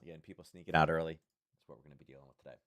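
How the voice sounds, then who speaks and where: A man's voice: very deep voice, fairly even intonation, very fast, a bit bright, no echo, clean studio sound. A man hosting a casual daily market commentary stream, talking in a rambling, chatty way with frequent chuckles.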